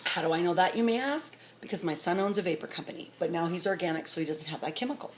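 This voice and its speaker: A middle-aged woman telling a rambling story to her vlog audience, talking fast and excitedly. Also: fairly low pitch, heavy background noise. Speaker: vlogger. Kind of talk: casual storytelling to camera.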